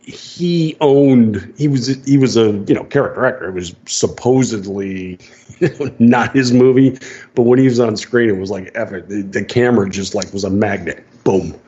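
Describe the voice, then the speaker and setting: A man co-hosting a casual radio chat about movies, talking with lively energy and laughing often. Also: on the low side, normal speed. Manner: animated, acts out quotes with laughs. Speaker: radio co-host. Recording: dull lo-fi radio audio.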